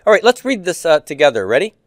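A man's voice: on the high side, sing-song, quick pace, no room sound, studio quality. A man reviewing homework with a class, asking students questions and explaining Greek grammar patiently. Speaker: Greek teacher.

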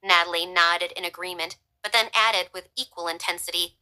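A woman narrating a family drama story in an even, storybook reading manner. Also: lowish voice, normal speed, rough recording.

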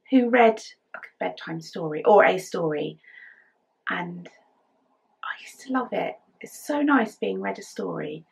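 On her knitting podcast, a middle-aged English woman rambles in a chatty, casual way, dropping fillers and giggling as she goes. She has a medium-pitched, creaky voice with a breathy edge that sounds tired today.

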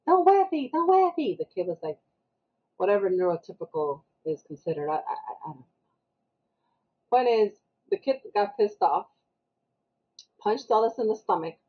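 Husky woman on a podcast telling a story, acts out everybody, kinda muffled lo-fi sound. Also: fairly low pitch, moderate pace, pauses often. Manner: animated, acts out the people she quotes. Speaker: podcast guest. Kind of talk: casual storytelling chat.

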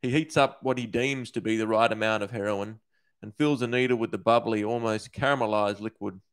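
A man from Australia, an author, reading his dark short story aloud in a steady, measured way. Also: fairly low pitch, clear, resonant tone.

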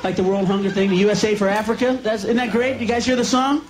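A man's voice: high voice, flat delivery, fast. A man doing a stand-up routine with explosive delivery, breaking into screams. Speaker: stand-up comedian. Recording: live club tape with loud crowd and hiss.

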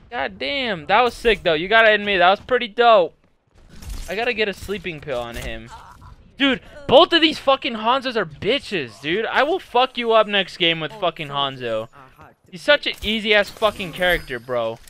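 A young man raging and swearing through live gameplay commentary, yelling at opponents. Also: high-pitched, very animated, normal speed. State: angry and agitated. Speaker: gaming streamer.

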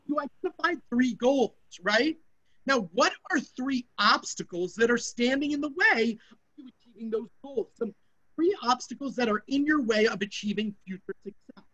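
An energetic, emphatic presenter leading a motivational workshop for students over an online video session. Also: medium pitch, moderate pace, dull audio.

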